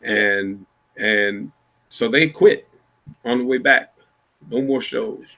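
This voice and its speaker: Taking his time, the Iowa blues musician tells loose, laid-back stories in a casual video-call chat. His pitch is medium and his tone a bit bright.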